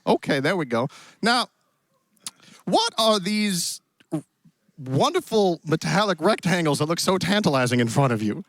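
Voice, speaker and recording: A man hosts a live stream in character as a hammy Old West cowboy, playing up a fake drawl and cracking jokes into a handheld mic. His voice runs on the high side with big pitch swings at normal speed, broken by long pauses, and there's no room sound in this playful, theatrical performance.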